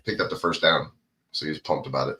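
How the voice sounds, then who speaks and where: A man's voice: a bass voice, steady tone, quick pace, bright, forceful tone. A man co-hosting a podcast, chatting casually and calling plays while watching a football game. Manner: play-by-play remarks, laughs often. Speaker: podcast co-host.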